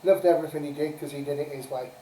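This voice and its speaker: A woman's voice: sits low, fairly even intonation, racing, warm tone. A woman hosting a casual live-stream quiz, chatty and giggly as she reads out answers and scores. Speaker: quiz host. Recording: roomy sound from a distant mic.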